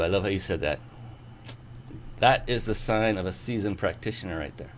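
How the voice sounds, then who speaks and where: A man with a somewhat low voice hosts a casual interview show. He talks eagerly and rambles, filling his sentences with "uh" and quick restarts. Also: a little hiss or hum. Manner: enthusiastic, rambling with many fillers. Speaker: show host.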